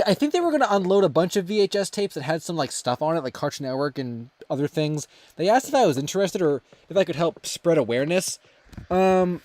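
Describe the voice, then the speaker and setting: Hosting a livestream, a young man speaks in a slightly high, somewhat mellow voice with no echo. His talk is casual and rambling, packed with fillers and restarts, as he reads out comments from viewers.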